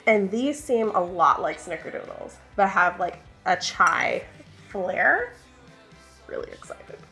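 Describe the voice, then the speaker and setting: A woman's voice: lowish voice, big pitch swings, takes it slowly, creaky, pushed and bright, soft background music. A woman hosting a home baking video, chatting along in an upbeat, thinking-aloud way in her kitchen. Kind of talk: casual baking vlog chat.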